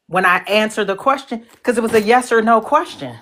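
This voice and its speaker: A woman's voice: fairly high pitch, fairly quick, fairly bright tone. A woman hosting a live stream, reacting to a clip in loose, casual talk full of restarts.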